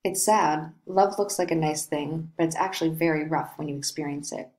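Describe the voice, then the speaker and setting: A woman's voice: low-pitched, normal speed, darkish tone, close to an everyday voice. A woman reading the part of an earnest young man who coaxes and questions his cousin. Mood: concerned. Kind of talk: reading a play aloud.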